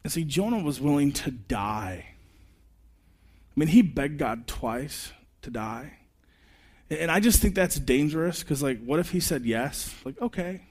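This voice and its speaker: A man in his thirties preaching a sermon in a conversational way, telling personal stories with quick asides. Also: fairly high pitch, breathy edge. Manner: animated, chatty storytelling with quick asides. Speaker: pastor.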